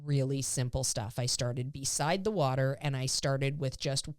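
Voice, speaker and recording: A woman's voice: extremely low pitch, normal speed, no echo, clean studio sound. A woman dog trainer co-hosting a podcast, explaining training in casual chat and acting out quotes. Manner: explains with lively acted-out quotes of her dog.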